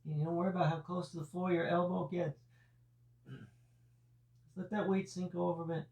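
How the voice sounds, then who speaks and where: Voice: mid-range voice, little pitch movement, moderate pace, creaky, darkish tone, recorded from a distance. A yoga teacher guiding a live class through breath and poses, with chatty asides. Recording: roomy, voice from off-mic.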